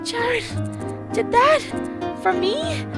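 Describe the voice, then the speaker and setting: A woman's voice: very high voice, animated, extremely slow, pitched above the performer's own voice, heavily acted. A woman reading the lines of a caring young female friend, in a soothing, fussing way. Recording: game music playing behind.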